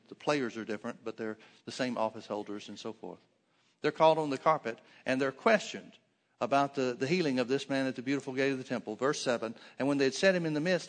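Male preacher, conversational Bible teaching, mid-pitched voice, repeats himself and restarts phrases. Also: in a large hall. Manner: reads scripture aloud, then explains it plainly with frequent restarts and fillers.

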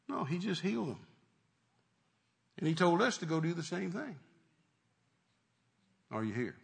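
A man preaching a sermon in an emphatic, repetitive style that builds to loud declarations. His voice sits a little high for a man. He drives his points home by repeating them. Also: big pitch swings, normal speed, creaky, pauses often.

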